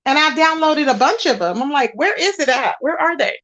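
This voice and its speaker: A woman's voice: high voice, expressive, fairly quick, fairly bright tone. A woman hosting a casual livestream, greeting viewers and chatting while she searches her screen. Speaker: livestream host.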